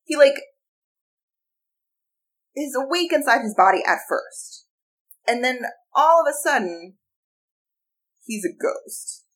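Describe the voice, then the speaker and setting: A woman co-hosting a casual book-discussion podcast, animated and exasperated, laughing often. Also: high-pitched, takes it slowly, long pauses. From New York. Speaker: podcast co-host.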